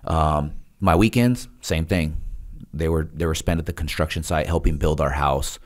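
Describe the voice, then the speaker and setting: A man's voice: rumbling low, normal speed. A man guest on a casual interview, telling a story with laughs and acted-out quotes. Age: adult with a wife, past childhood. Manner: animated storyteller, laughs often, acts out quotes. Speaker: podcast guest.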